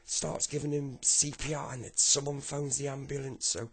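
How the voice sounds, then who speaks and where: A man telling a long comic story, animated and acting out its characters. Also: mid-range voice, normal speed, slightly rough. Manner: animated, acts out the voices.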